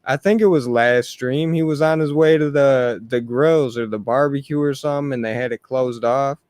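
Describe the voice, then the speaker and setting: A man chatting casually on a live stream, relaxed, with a few hesitant restarts. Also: medium pitch, normal speed, clean tone, dry recording. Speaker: podcast co-host.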